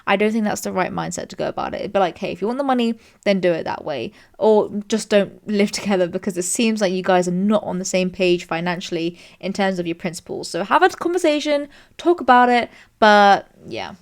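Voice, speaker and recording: A young British woman reading online stories aloud and giving her opinions in a chatty, animated way, her voice jumping high when she is amused. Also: fairly quick, few pauses. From Britain. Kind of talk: casual commentary reading posts aloud.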